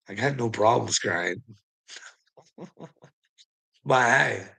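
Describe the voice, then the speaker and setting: A man's voice: medium pitch, slow pace, gravelly, long pauses, sharp tone, low-quality recording. A man hosting a live stream, ranting at his chat in a combative, profane way and needling viewers by name. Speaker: livestream host.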